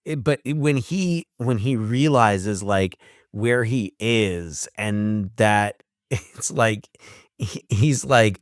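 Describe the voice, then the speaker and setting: A man co-hosting a podcast, chatting excitedly about a film and thinking out loud with many restarts. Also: fairly low pitch, slow pace, no echo, clean studio sound. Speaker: podcast co-host. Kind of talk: casual film discussion.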